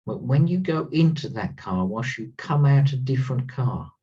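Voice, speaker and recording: A man gives an earnest spiritual talk, leaning on repeated words for emphasis. His voice is husky and mellow. He sits a little back from the mic, and the sound is dull and lo-fi. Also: mid-range voice, animated, normal speed. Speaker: spiritual teacher. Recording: slightly distant, dull lo-fi sound.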